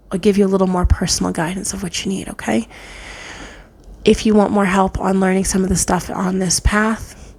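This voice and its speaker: Gravelly, husky-voiced woman reading tarot. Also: medium pitch. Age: adult, parent of a child. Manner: earnest, emphatic, slips into soft whispers. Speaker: tarot reader. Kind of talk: spiritual pick-a-card reading.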